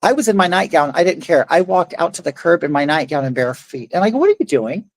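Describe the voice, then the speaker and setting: A woman's voice: on the low side, fast, no room sound, poor audio. A middle-aged woman hosting a casual livestream, telling a neighborhood feud story in an indignant, rambling way and reading chat aloud. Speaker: livestream host.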